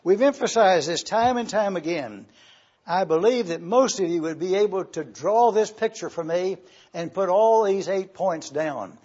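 A pastor, a man, teaching a sermon in a slow, deliberate way, spelling out Greek words for his congregation. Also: sits high, lively intonation, a little mellow, highs cut off. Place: church.

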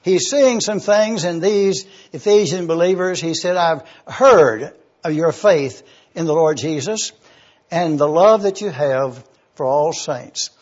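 A pastor giving a slow, deliberate expository sermon, stopping to spell out Greek words letter by letter. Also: male voice, a little high, darkish tone, muffled recording.

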